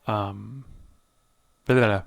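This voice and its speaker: A man's voice: on the low side, fairly even intonation, slow, creaky, dry recording, studio quality. A man hosting a let's play, reading game text aloud and explaining with hesitant fillers as he searches for words.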